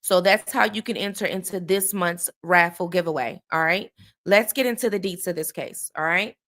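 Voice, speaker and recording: A woman's voice: on the low side, normal speed, fairly bright tone. Chatty woman hosting a live stream. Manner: chatty, greets viewers by name between sentences; conversational, checks in with frequent "okay?" tags. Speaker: true crime streamer. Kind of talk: casual live-stream commentary.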